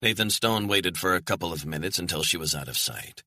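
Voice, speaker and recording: A man reading a thriller audiobook in measured, storytelling narration. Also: low-pitched, sharp tone, no room sound, clean studio sound.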